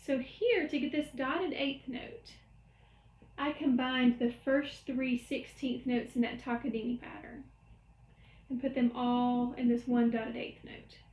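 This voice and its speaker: A woman music teacher records a lecture at home, walking through rhythm patterns step by step. Her voice sits high, and the room around her is noticeably echoey. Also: fairly even intonation, measured pace, darkish tone. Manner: explains step by step, chants rhythm syllables.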